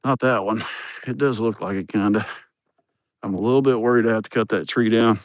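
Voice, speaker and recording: Low-voiced man, blunt and joking livestream host, handheld phone outdoors, dry sound. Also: steady tone, fairly quick, no room sound. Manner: joking, blunt, profane storytelling. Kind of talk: casual livestream chat. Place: outdoors at a building site. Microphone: phone held in hand.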